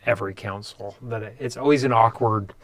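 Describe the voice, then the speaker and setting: A man's voice: fairly low pitch, brisk, no echo. A man hosting a casual chat, an attorney, who throws in short remarks and dry jokes.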